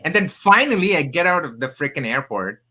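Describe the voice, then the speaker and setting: Bright-voiced man telling stories, accented. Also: on the high side, a little fast, slightly rough, rough recording. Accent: non-native English accent. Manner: animated, emphatic storyteller with jokey asides. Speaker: podcast guest, career coach. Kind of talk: storytelling in a casual interview.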